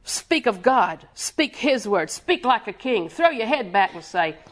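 A woman preaching in a somewhat high voice, building her points through rhythmic repetition. She puts questions to the congregation and answers them herself. Short chuckles come between her points. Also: very animated, a little slow. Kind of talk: sermon.

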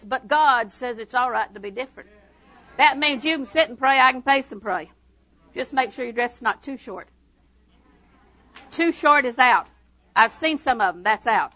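High, bright-voiced woman preaching. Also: lively intonation, moderate pace, pauses often, low-quality recording. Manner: storytelling, swings between hushed asides and loud proclaiming; humorous, conversational. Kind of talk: sermon.

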